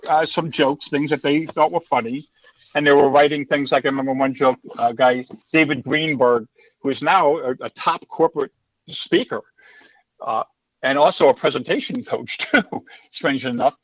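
Middle-aged male comedy coach, rambling and confident, slightly high voice, dull dry lo-fi audio. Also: moderate pace, fairly bright tone. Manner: chatty, rambling, self-assured. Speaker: stand-up comedy teacher. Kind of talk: casual interview storytelling.

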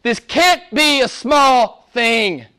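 A man preaching a sermon and praying to a live congregation, earnest, slowing down and stretching key words for emphasis. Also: very high-pitched, expressive, bright, forceful tone, clear, resonant tone.

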